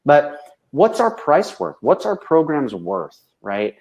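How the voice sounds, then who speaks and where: A man's voice: on the high side, huge pitch swings, takes it slowly, a little mellow. A man, a business coach, speaking frankly and with animation in casual conversation, tagging nearly every sentence with a questioning "right?".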